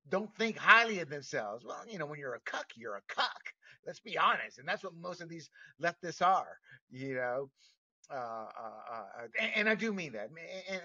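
A high, very bright man rants bluntly, laughing between points and stumbling over restarts. He sits back from the mic. The sound is muffled. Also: distant mic. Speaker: podcast host. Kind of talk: opinionated commentary.

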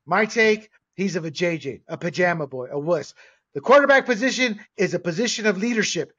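A man's voice: sits high, animated, brisk, bright, forceful tone, husky, muffled recording. A man hosting a sports podcast, giving blunt, emphatic opinions in a ranting way. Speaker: podcast host.

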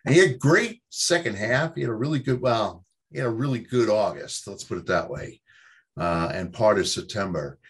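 A man's voice: fairly low pitch, lively intonation, normal speed, slightly rough. A man from New York, a podcast guest, rambling casually about baseball with many fillers and restarts. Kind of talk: casual sports chat.

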